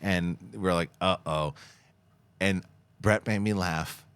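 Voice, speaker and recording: Casting note: deep-voiced male podcast host, animated storyteller, laughs a lot. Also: unhurried, clear, resonant tone. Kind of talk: casual chat and sponsor read.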